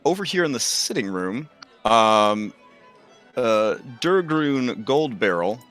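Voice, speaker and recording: A man's voice: mid-range voice, sing-song, takes it slowly, a bit bright, soft background music. A man narrating as game master of a tabletop game, chatty with many fillers.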